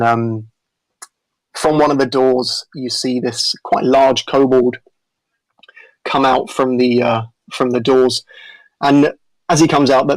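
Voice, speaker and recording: Gravelly-voiced man as game master. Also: mid-range voice, no room sound, low-quality recording. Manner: halting, many fillers and restarts. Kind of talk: narrating a tabletop game.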